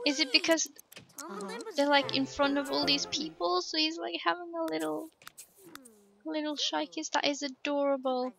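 A woman's voice: sits high, fairly even intonation, normal speed, vocal fry, sharp tone, low-quality recording. A woman casually commenting on her life-simulation game, gushing over the characters and chatting to them. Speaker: let's play host.

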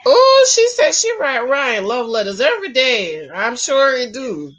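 A woman's voice: sits high, big pitch swings, unhurried, a bit bright. A middle-aged woman giving sassy, exclamatory commentary while reacting to a reality show and talking straight to her viewers. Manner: sassy, exclamatory, talks to viewers as "child" and "ladies". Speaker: reaction video host.

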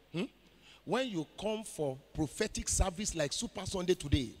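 A man with a Nigerian accent preaching a sermon as pastor, pausing on questions for the congregation to answer and shouting out declarations. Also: on the high side. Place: church. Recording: echoey church hall.

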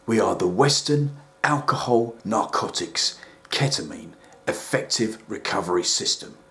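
A man puts on a gruff London rehab counselor with a very deep, dragging voice. He is deadpan and patronizing, lecturing like a weary old hand in a comedy sketch. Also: a little slow. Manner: low, deadpan and patronizing, calls everyone son.

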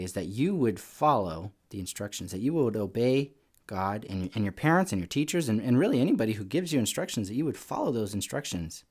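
A young man with a mid-pitched voice talks to children at Sunday school. He tells his story casually, with plenty of fillers, and gets animated at the exciting parts.

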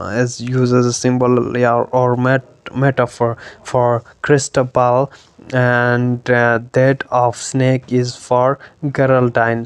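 A man's voice: mid-range voice, clean tone, no room sound. A man teaching a poem, explaining it line by line with many fillers and frequent "right?" checks. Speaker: literature teacher.

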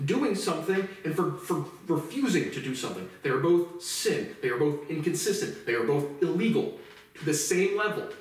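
A man in his twenties ranting angrily on his own, swearing a lot and stumbling over restarts as he talks. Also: on the high side. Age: 20s. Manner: profane, heated, repetitive restarts. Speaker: vlogger. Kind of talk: angry monologue rant. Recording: very echoey room, voice far from mic.

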